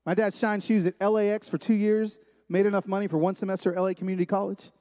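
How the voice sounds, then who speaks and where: A man with a strikingly high voice preaches to a room full of listeners, telling stories emphatically and repeating his key points. His words ring out with a long hall reverb around them. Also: little pitch movement, fast talker, mellow. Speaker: speaker at a men's gathering. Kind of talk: sermon-style talk. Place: large room with a live audience.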